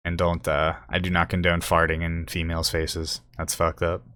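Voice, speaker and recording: A man's voice: sits low, monotone, normal speed, fairly bright tone, smooth, no room sound, studio quality. A young man hosting a podcast, telling a rambling, profane story and laughing at his own jokes. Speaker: podcast host. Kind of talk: casual storytelling.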